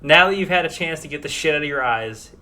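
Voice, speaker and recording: A man's voice: a little high, expressive, quick pace, pushed and bright, a little hiss or hum. A man narrating as game master in a casual, laughing way with lots of fillers.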